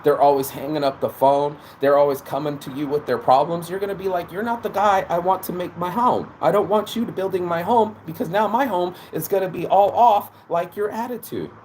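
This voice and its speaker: A man's voice: high-pitched, a little fast, hardly any pauses, a little mellow, slight background noise. A man hosting his own show, talking in a rambling, profane motivational monologue full of restarts and quoted asides. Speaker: podcast host.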